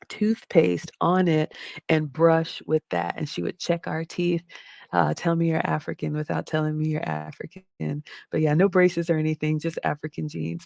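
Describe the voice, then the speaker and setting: Middle-aged female livestream host: deep, raspy, chatty, talks straight to her viewers; dry, close recording. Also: no room sound. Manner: chatty, warm toward viewers, reads comments aloud. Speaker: livestream host reading chat. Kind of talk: casual livestream chat.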